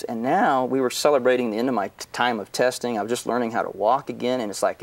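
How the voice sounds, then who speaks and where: A middle-aged man of ordinary pitch tells a painful family story as a pastor. He is earnest and halting, often restarting his sentences. He sits a bit back from the microphone. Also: fairly even intonation, vocal fry, distant mic. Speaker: pastor, guest author. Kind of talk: emotional personal testimony.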